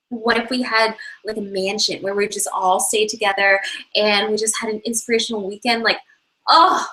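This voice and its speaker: A woman fitness instructor answering fan questions in a live online Q&A over a video call, bubbly, gushing and excitable. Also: a little high, rough recording.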